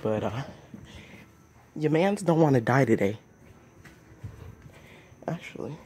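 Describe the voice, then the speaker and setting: A man's voice: mid-range voice, lively intonation, slow, darkish tone, slightly rough. A young man vlogging outdoors at night on a phone, narrating casually and exclaiming in squeamish alarm about bugs. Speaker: nature vlogger.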